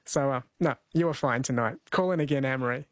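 A man's voice: mid-range voice, fast talker, dry recording. A man hosting a late-night radio quiz in a friendly, chatty way, laughing easily.

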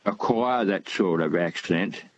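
A man's voice: low voice, a little slow, dull audio, a little hiss or hum. An older man calling in to a radio show, talking in a rambling, hesitant way with many fillers. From Australia. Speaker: caller. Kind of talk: phone-in call.

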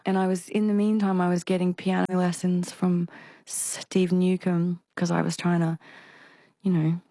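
Low-voiced woman with a stutter. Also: flat delivery, warm tone, no echo, clean studio sound. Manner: halting speech with repeated restarts and a stutter. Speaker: singer and performer, interview guest. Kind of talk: casual interview conversation.

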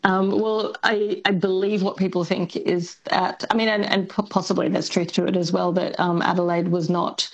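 A woman linguist, explaining on talkback radio in a thoughtful, hesitant way with many pauses. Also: on the low side, level tone, gravelly, low-quality recording. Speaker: linguist guest.

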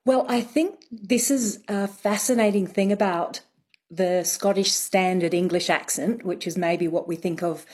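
A woman accent coach, a radio interview guest, explaining thoughtfully with frequent pauses and ums. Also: medium pitch, fairly even intonation, a little mellow, husky.

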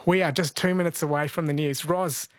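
Upbeat man, higher voice. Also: fairly even intonation, dry recording. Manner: brisk, upbeat and chatty. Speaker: radio quiz host. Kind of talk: live radio banter.

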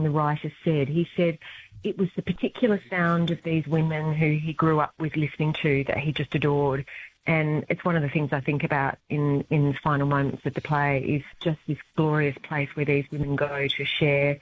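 This woman's voice sits low with fairly even intonation, and she speaks briskly with no echo. It's a casual phone interview on a tinny line, where the stage actress chats enthusiastically and warmly about her play.

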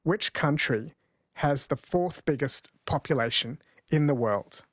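A man's voice: a little high, measured pace, slightly rough, no echo. A man hosting a talk radio show, chatting, reading out listener texts and the weather. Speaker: radio host. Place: radio studio. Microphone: studio mic.

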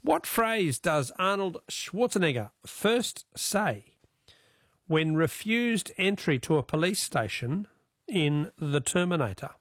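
A man's voice: high-pitched, big pitch swings, slow, a bit bright, no room sound, clean studio sound. An Australian man hosting a talkback radio quiz, chatty, reading out callers' names and answers.

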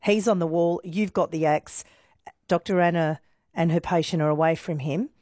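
A woman hosting a morning radio interview, speaking gently and reassuringly as she recaps events for listeners. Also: lowish voice, fairly even intonation, moderate pace, no room sound, studio quality. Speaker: radio host.

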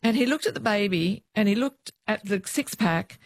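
A woman, a former police officer, telling lively stories about her work in an interview. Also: mid-range voice, moderate pace, dry recording. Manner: lively storyteller who acts out the voices of others.

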